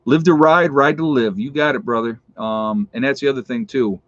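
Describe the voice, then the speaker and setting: A man chatting casually on a livestream. He reels off viewers' places, then talks earnestly and with encouragement. His voice sits at an ordinary pitch, and the audio is dull and dry with no room sound. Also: normal speed, dry recording. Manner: reads off viewers' locations, then urges them on earnestly. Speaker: livestream host.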